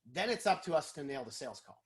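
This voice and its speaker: Animated man, fairly high voice. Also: fast talker. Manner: animated, acts out phone calls. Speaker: sales expert guest. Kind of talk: casual interview chat.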